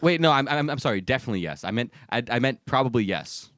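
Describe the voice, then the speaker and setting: A man's voice: mid-range voice, lively intonation, fast, fairly bright tone, no echo. A man co-hosting a casual comedy podcast, rambling and correcting himself, calling everyone dude. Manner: rambling, self-correcting, says dude a lot. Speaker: podcast co-host.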